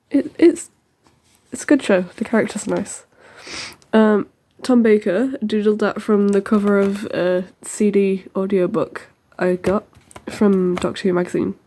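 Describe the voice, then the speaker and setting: A teenage girl, acting as host of a sketchbook tour, gives a relaxed, rambling voice-over as she flips through her pages. Her voice is mellow and warm, pitched normally for her age. She's chatty, filling pauses with lots of ums and dropping quick asides along the way.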